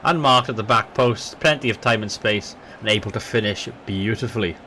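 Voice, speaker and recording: A man with a lowish voice speaks fairly quickly as he hosts a let's play, calling the football match like a commentator and chatting to viewers. He's excitable, his voice springing up on goals, and slight background noise can be heard.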